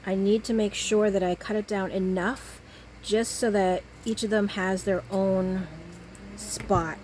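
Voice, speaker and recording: A woman's voice: mid-range voice, fairly even intonation, measured pace, darkish tone, slight background noise, poor audio. A woman making a craft video, chatting casually to herself and the viewer as she cuts and glues. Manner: chatty, talks to herself while working. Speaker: crafting vlogger.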